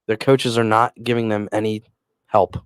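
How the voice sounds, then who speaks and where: A man's voice: fairly low pitch, flat delivery, normal speed, clean tone, no room sound. Ranting man on a sports podcast. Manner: exasperated, ranting. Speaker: podcast co-host. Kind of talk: casual sports chat.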